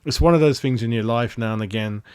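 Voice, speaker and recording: A man hosting a live fan reaction chat, excitable and matey, greeting viewers by name. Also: mid-range voice, quick pace, smooth, no room sound, clean studio sound. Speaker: fan channel host.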